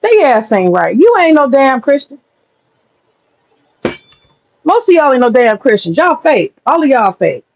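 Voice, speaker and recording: This woman's high-pitched, slightly mellow voice swings widely in pitch, and she talks unhurriedly with long pauses. Ranting bluntly to her livestream chat, she swears and frequently bursts out laughing, over dull lo-fi sound with faint noise.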